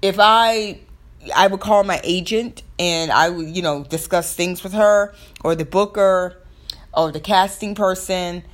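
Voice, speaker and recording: A woman's voice: on the low side, unhurried. A young woman with a Southern American accent talks casually on her own podcast, rambling with lots of fillers and restarts. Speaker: podcast host. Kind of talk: casual solo podcast talk.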